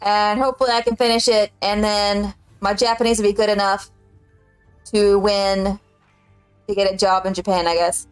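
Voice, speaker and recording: A woman's voice: medium pitch, flat delivery, normal speed, clear, resonant tone, dry recording, faint music behind. A woman, telling a story in casual chat as a streamer and laughing often.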